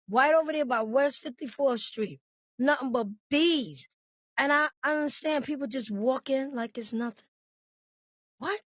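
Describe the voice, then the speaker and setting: High-voiced, sassy woman vlogger. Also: no echo, muffled recording. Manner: animated, sassy, talks straight to viewers. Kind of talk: casual commentary on news.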